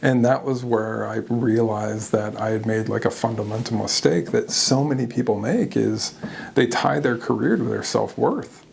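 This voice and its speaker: As an interview guest, a man tells his own story candidly and animatedly, often laughing at himself. His medium-pitched voice has vocal fry and a moderate pace, with slight background noise.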